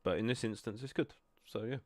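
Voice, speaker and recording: A man's voice: on the low side, fairly quick, darkish tone, no room sound. A young man hosting a gaming video, chatting casually and self-deprecatingly with lots of ums. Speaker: gaming channel host. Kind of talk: casual gameplay chat.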